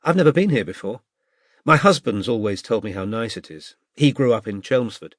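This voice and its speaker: A poised young woman detective working undercover, her voice lifted and bright with polished middle-class manners, as a male narrator puts her on. An audiobook reading recorded dry and close, with no room around it. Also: lowish voice, lively intonation, a little fast, dry recording. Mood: bright, friendly.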